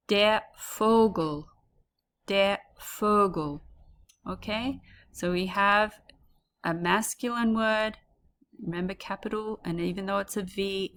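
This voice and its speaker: A woman teaching a German lesson to pupils, slowly modelling each word and cheering them on. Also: mid-range voice, fairly bright tone. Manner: slow, drawn-out modelling of words for repetition; encouraging, addresses pupils as guys. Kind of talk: classroom language lesson.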